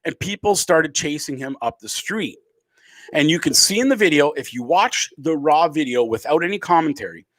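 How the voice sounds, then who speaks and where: A man's voice: on the high side, fairly bright tone, dry recording. A middle-aged man, a comedian from Canada, ranting angrily to camera and swearing freely. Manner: angry, emphatic, swearing freely. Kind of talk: profane political rant to camera.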